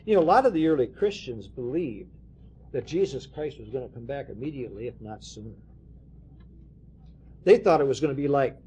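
A man's voice: mid-range voice, expressive, normal speed, pauses often, warm tone, husky. A man preaching a sermon, explaining scripture and reading verses aloud with emphasis.

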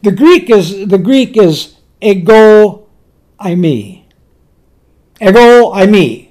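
Male preacher, unhurried Bible teaching, leans on key words. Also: sits high, very animated, darkish tone. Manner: slow, deliberate Bible teaching with emphatic pauses. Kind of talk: sermon.

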